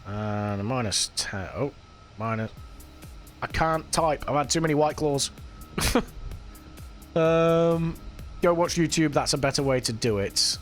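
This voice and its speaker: A man talks easily with his stream chat as he plays, his voice sitting at a middle pitch. He chats loosely and swears casually. Faint music plays underneath. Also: a little slow, pauses often. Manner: chatty, swears casually, reads and answers chat while playing.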